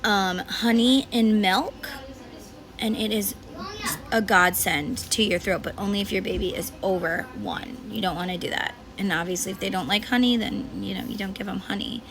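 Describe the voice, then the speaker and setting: A woman's voice: mid-range voice, moderate pace, low-quality recording. A woman in her thirties, a mother of five, talking casually to viewers in a rambling, chatty way with lots of fillers. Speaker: mom vlogger. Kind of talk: casual chat to camera. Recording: noticeable background noise.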